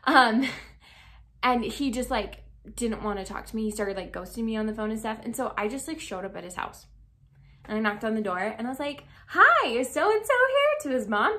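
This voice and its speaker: A woman's voice: fairly high pitch, a little fast, a bit bright. A young adult woman giving relationship advice as a dating coach. She talks in a chatty, earnest way, full of casual filler words.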